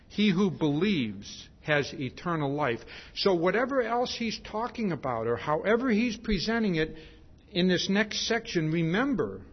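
Male preacher, husky voice, lively pitch, emphatic sermon delivery, repeats "see?", dull lo-fi recording. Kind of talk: expository sermon on a Bible passage.

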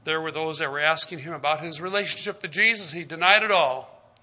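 A man preaching a sermon in a very bright, slightly raised voice. He retells scripture stories, acting out their dialogue, and puts direct questions to his listeners. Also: fairly high pitch, a little fast.

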